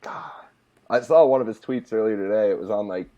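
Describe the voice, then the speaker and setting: Man, podcast guest, low voice, excitable banter. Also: brisk, highs cut off. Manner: excitable, jumps high when joking. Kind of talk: casual podcast chat.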